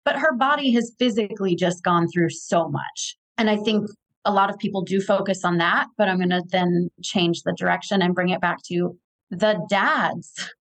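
A woman's voice: medium pitch, moderate pace, fairly bright tone, rough recording. A woman, giving practical advice in a casual conversation. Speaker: podcast guest.

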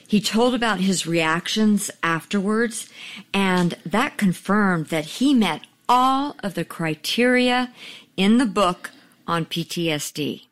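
A woman host narrating and explaining a guest's story in a measured way. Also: mid-range voice, lively intonation. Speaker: podcast host. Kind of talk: scripted narration.

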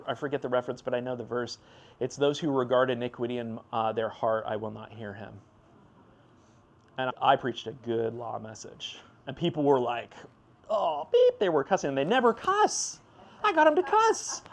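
Male preacher, sermon, conversational asides, loud bursts then hushed low passages. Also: vocal fry. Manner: conversational, with fillers and asides to the congregation.

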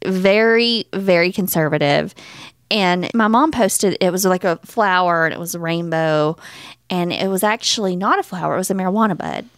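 Female co-host from Tennessee, lively storyteller, close dry mic. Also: fairly low pitch, moderate pace, clean tone, no room sound. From Tennessee, USA. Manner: animated storyteller who acts out family quotes. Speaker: podcast co-host. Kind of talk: casual storytelling chat.

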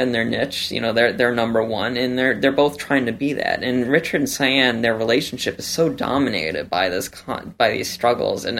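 Gravelly chatty podcast co-host man. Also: mid-range voice, a bit bright. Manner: chatty, rambling with many fillers. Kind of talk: casual book club podcast chat.

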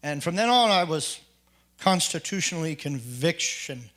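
Bright earnest man telling his testimony. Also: on the high side, very animated. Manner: earnest, halting, with frequent restarts and repeated "and". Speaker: testimony speaker. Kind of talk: spoken personal testimony.

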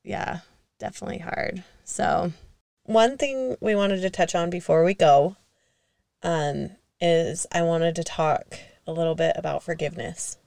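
A young woman talks in a relaxed, chatty way, rambling through a story with fillers and small laughs. Her voice sits a little low and sounds smooth and clear. The room is dry, with no echo. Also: unhurried. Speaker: co-host. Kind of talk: casual podcast conversation.

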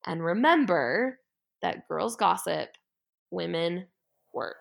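Earnest woman podcast host, gravelly voice. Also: lowish voice, expressive, takes it slowly. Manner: earnest, heartfelt, emphatic. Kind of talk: solo motivational podcast talk.

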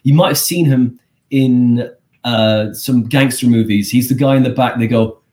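Irish man, comedian guest, rambling animated storyteller, casual podcast chat. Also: mid-range voice, moderate pace. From Ireland.

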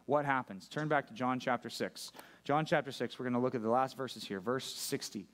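A man's voice: mid-range voice, brisk, fairly bright tone. A male pastor preaching a sermon to a church congregation, talking conversationally and often checking in with his listeners. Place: church service.

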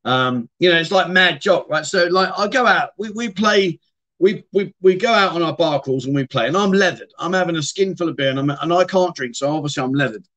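A middle-aged man with a British accent talks through a relaxed livestream and answers viewers in a loose, chatty way. He is self-deprecating, often trails off and restarts his thoughts. His voice sits a little higher than most men's. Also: brisk, lo-fi sound. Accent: British English. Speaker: livestream host. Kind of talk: casual livestream chat reading viewer comments. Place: home streaming room.

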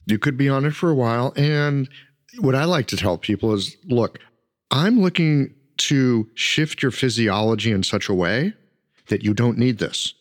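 A man hosting a conversational interview, relaxed and chatty. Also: mid-range voice, moderate pace. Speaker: podcast host.

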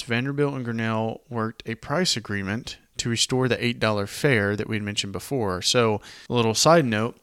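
With a Southern US accent, this male podcast host gives casual history narration, explaining events conversationally and wandering into asides. His mid-range voice is fairly bright, clear and resonant, captured in studio quality with no room sound.

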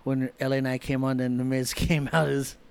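A young man co-hosting a wrestling podcast, animated and quick to swear and laugh. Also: medium pitch, gravelly, smooth. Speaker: podcast co-host. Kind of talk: casual wrestling recap chat.

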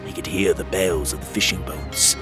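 A man hosting and narrating a children's adventure story in an expressive read-aloud manner. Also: low-pitched, moderate pace, over music. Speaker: storyteller and podcast host.

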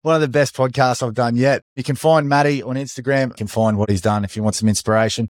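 An energetic Australian man hosting a casual podcast interview, talking bluntly with some swearing and calling his guest mate. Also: medium pitch, fast talker, no echo. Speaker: podcast host.

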